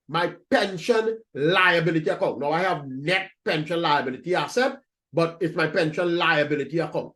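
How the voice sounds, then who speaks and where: Expressive and a bit bright, a man with a slightly high voice speaks at normal speed while teaching accounting in a recorded lecture. He works through entries step by step, reiterating points and asking students "right?".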